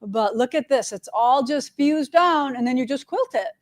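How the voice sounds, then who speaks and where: A middle-aged woman chats through shop news on a live stream. Her voice sits a little high, and her delivery is friendly, upbeat and loose, full of "all right" and "right?" as she moves from item to item. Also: animated, normal speed. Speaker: quilt shop owner hosting a live show. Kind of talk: casual live-stream chat with announcements.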